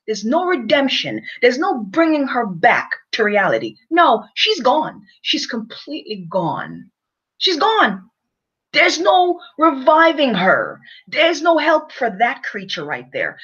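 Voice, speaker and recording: Woman, husky voice, dramatic rant, rhetorical questions, dull lo-fi sound. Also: high-pitched, fairly bright tone. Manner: emphatic and theatrical, repeats phrases, rhetorical questions. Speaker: vlogger. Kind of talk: ranting monologue to camera.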